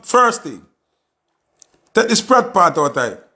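A man's voice: high-pitched, sing-song, takes it slowly, pushed and bright. A man with a Jamaican accent delivering an impassioned, pleading monologue with lots of repetition. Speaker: artist giving commentary.

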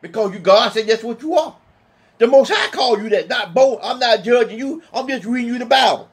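A man teaching from the Bible in an emphatic, colloquial sermon, slowing down to read scripture. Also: very high-pitched, husky. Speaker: preacher.

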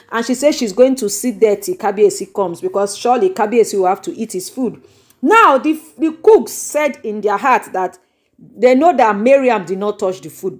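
Dramatic Nigerian woman spilling gossip. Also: fairly high pitch. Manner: dramatic exclamations, rambling retelling. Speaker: YouTube gossip vlogger. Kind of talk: animated gossip storytelling. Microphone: microphone.

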